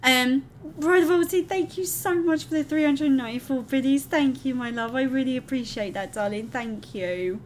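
A woman talks on a live stream in a candid, rambling, emotional way, showering viewers with darlings and sweethearts. Her voice sits fairly high, with a faint hum behind her. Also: moderate pace, few pauses. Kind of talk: casual live-stream chat.

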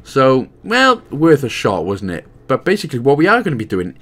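A man's voice: mid-range voice, wildly swooping pitch, a little fast, fairly bright tone. A man with a Welsh accent giving a casual, jokey walkthrough of a video game as host of a guide channel. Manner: chatty, jokey, rambling asides.

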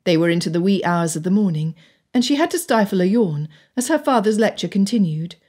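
A woman narrating an audiobook in an even, measured storytelling manner. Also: mid-range voice, breathy edge. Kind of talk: scripted narration.

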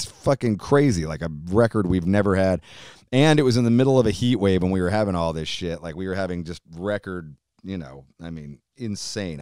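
A man hosting a podcast, opening with a loud, hyped, swearing intro and then casual chat. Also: sits low, clear, resonant tone, no echo. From California. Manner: hyped, loud, profane, animated delivery. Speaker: podcast host. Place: home studio, streaming live.

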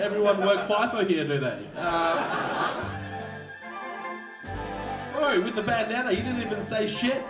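A man's voice: high-pitched, recorded from a distance. A man hosting a live comedy show, roasting the crowd with crude, teasing banter and frequent laughter. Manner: sweary, teasing, laughs often. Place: live comedy venue with audience. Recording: echoey room mic from afar, crowd.

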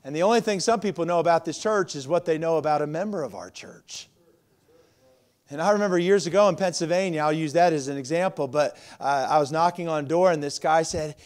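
A male pastor in his forties delivering an evening sermon. His voice sits notably high for a man, and he moves between forceful emphatic passages and hushed, confiding asides to the congregation. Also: animated, normal speed. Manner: preaching with swings from loud emphasis to quiet asides.

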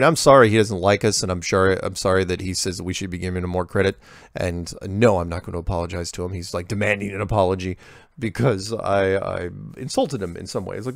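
A man with a low, gravelly voice talks off the cuff, reading viewer emails and commenting on them. He rambles, restarts his sentences and drops sarcastic asides. The sound is dry and close, with no room echo. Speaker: host answering viewer emails. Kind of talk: casual monologue reading emails.

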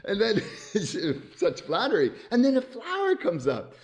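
Giggling man pitching a cartoon. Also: very animated, a little slow. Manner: keeps laughing at his own story; acts out sound effects and cries. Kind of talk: excited story pitch narration.

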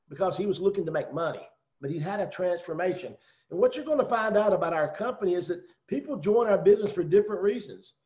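Fast-talking Southern man on a video call. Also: on the high side, a little mellow, lo-fi sound. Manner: persuasive, talks straight to listeners. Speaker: host. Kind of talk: sales pitch on a video call.

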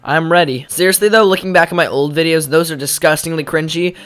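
A man's voice: a little high, fast, fairly bright tone. A young man chatting casually over his gameplay at a home desk mic, rambling and mocking himself with sudden exclamations. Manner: self-deprecating, rambling, jumpy exclamations. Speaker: gaming YouTuber. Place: home gaming setup. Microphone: desk mic with pop filter.

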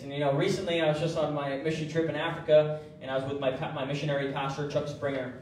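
Male pastor, lively sermon delivery, high voice, miked from a distance in a reverberant church. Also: fast, a little hiss or hum. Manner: animated preaching with acted quotes. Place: church sanctuary. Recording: echoey church hall from far off.

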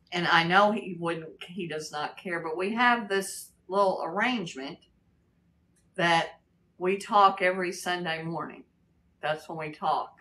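In her sixties, this Kentucky-born woman raised in Texas hosts a livestream, casually reading comments and greeting viewers by name in a Kentucky accent with a Texas drawl. Her voice sits low with a sharp tone. The audio is poor, with slight background noise.

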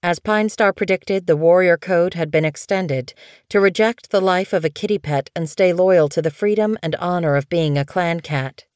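A woman narrating an audiobook in a calm, even storytelling manner. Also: on the low side, moderate pace, clean tone, no echo, clean studio sound. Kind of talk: scripted narration.

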